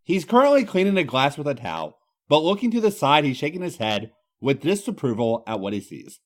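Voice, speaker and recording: A man's voice: a little high, sing-song, a little fast. A man hosting a comedy show, reading a story aloud in a theatrical, mock-dramatic style. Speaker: host reading fan fiction aloud.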